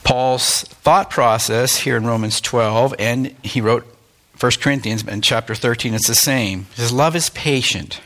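A man's voice: medium pitch, measured pace, fairly bright tone. A middle-aged man, a pastor, giving a candid, plain-spoken, conversational sermon with self-deprecating asides.

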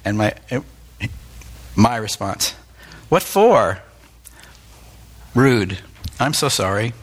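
A man's voice: fairly low pitch, takes it slowly. A middle-aged man, a pastor, giving a candid, plain-spoken, conversational sermon with self-deprecating asides.

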